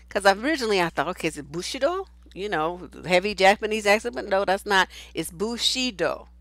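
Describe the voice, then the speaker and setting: A woman's voice: mid-range voice, a bit bright, no room sound. A woman relationship coach giving casual advice talk and answering viewer comments, blunt and outspoken, swearing freely.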